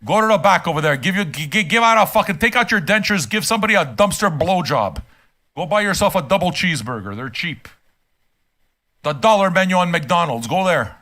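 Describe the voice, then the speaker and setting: An older man with a high, bright voice that swings widely in pitch. He talks bluntly and swears freely. His rants keep climbing into angry shouts. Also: lively intonation, fairly quick. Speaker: music reaction host. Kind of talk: profane rant on a music reaction stream.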